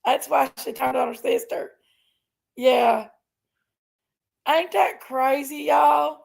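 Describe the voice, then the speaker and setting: A woman's voice: high-pitched, steady tone, takes it slowly, gravelly. A woman hosting a casual livestream, ranting indignantly and emphatically while reading chat aloud. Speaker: live stream host.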